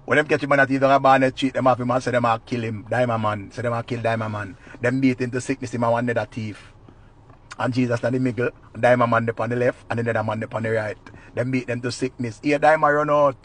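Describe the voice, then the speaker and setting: A man with a Jamaican accent, telling a comic story in patois with lively swings between loud and quiet. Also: medium pitch, fast talker. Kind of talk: animated comic retelling.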